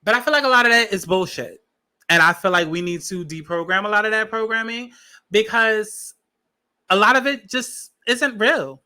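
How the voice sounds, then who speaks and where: A high-pitched, bright-toned man delivers opinionated podcast commentary. He is blunt and sassy, swears freely, and stretches words out for emphasis. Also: normal speed. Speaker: podcast host.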